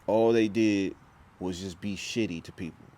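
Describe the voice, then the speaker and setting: A man's voice: sits low, fairly even intonation, normal speed, mellow. A young man talking to camera in a rambling, intense vlog monologue, full of restarts and slang. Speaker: vlogger.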